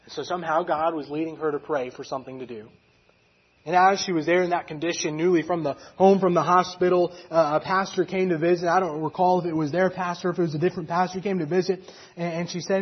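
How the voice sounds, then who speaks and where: A man's voice: fairly high pitch, quick pace, husky, lo-fi sound. A man preaching, retelling a story in a conversational way with fillers and acted quotes. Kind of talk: sermon storytelling.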